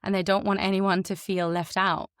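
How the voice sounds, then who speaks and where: A woman voice actor, a native German speaker with a hybrid international accent, chatting lively as a podcast guest. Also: medium pitch, normal speed, clean tone, no echo, studio quality. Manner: lively, chatty, heavy use of "like".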